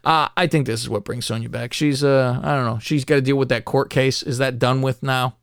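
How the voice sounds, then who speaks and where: A man co-hosting a podcast, recapping wrestling in casual, profane, animated chat. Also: medium pitch, fairly quick, gravelly, clear, resonant tone, no room sound, studio quality. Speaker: podcast co-host.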